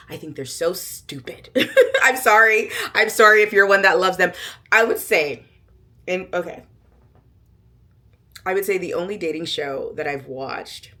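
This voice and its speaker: A middle-aged woman vlogger chatting casually to her viewers, animated and emphatic, often laughing and bursting into loud exclamations. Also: low voice. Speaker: lifestyle vlogger. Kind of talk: casual chat to camera.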